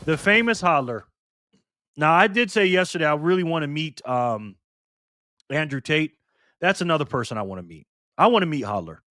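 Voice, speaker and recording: A man hosting a casual live stream, reading comments aloud and answering viewers by name in a lively, playful way with lots of laughs and slang. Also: fairly high pitch, normal speed, no room sound, clean studio sound. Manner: mixes slang and internet abbreviations into speech.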